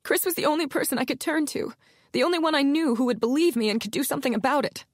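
Woman doing hoarse scared woman on the edge of tears, high and frantic, storybook. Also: fast talker, dry recording, studio quality, natural voice. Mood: fearful. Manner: frantic, pleading, rising into panic. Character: terrified, hoarse adult woman haunted by past trauma. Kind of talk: audiobook character voice.

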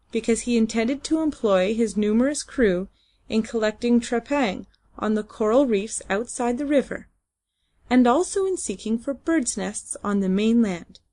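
A woman reading a classic novel aloud as an audiobook narrator, at a measured, even pace. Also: on the high side. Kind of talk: scripted narration.

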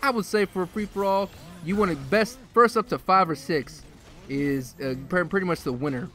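Bright, excitable man commentating gameplay. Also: high voice, normal speed. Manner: excitable, loud outbursts during play. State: a little out of breath. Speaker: gaming video host.

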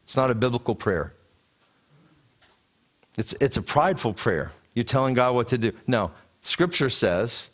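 Male rabbi, 30s, animated storytelling sermon with frequent restarts. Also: mid-range voice, moderate pace. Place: congregation sanctuary.

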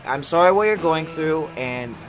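A man chatting over a voice call while playing a car soccer game, shouting in excitement and repeating himself. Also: fairly high pitch, normal speed, slight background noise. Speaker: gamer. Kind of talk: excited gaming chat.

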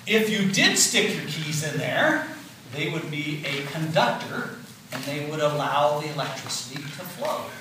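Older male professor, patient and explanatory; high, bright voice captured from afar in a roomy hall. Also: expressive, unhurried. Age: 60s. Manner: explanatory, repeats key points with "okay?" and "right?". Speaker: physiology lecturer. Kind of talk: classroom lecture. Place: lecture hall. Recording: roomy lecture hall, mic at a distance, faint noise.

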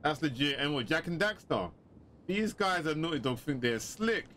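Chatty, excitable male game commentator, slightly high, bright tone. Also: normal speed, a little hiss or hum. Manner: chatty, excitable, joking asides. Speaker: gaming commentator. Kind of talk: casual let's-play commentary.

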